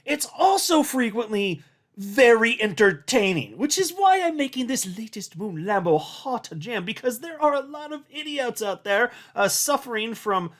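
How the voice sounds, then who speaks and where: A man's voice: extremely high pitch, big pitch swings, moderate pace, fairly bright tone. A man hosting his own crypto channel, talking in a sarcastic, mocking commentary monologue with frequent laughs and restarts.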